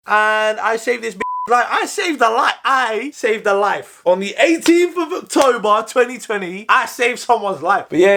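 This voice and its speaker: A young man telling a story in a casual vlog, animated, swearing a lot and often restarting his sentences. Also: sits high. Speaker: vlogger.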